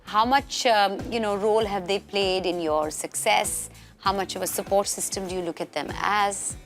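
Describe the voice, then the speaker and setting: A woman's voice: medium pitch, fairly even intonation, normal speed, faint music behind. A woman hosting a celebrity talk show over a video call, upbeat and reading sponsor lines in between questions. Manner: upbeat, scripted sponsor reads.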